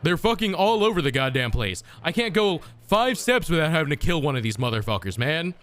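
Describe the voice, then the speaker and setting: A man's voice: fairly high pitch, sing-song, brisk, a bit bright, faint music behind. A young man streaming a game, chatting casually, crude and exasperated, swearing a lot.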